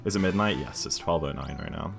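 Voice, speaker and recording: Low-voiced British man streaming a game. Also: fast, gravelly, music in the background. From United Kingdom. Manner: chatty, answers viewers' questions, thinks aloud. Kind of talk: casual commentary while playing a video game.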